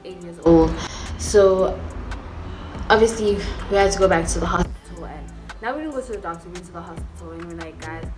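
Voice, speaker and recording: A woman's voice: fairly low pitch, fairly quick. A young adult woman, telling a personal story in a candid, emotional vlog, with lots of 'like' and 'you know'. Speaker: vlogger. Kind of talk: storytime vlog, casual chat. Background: background music.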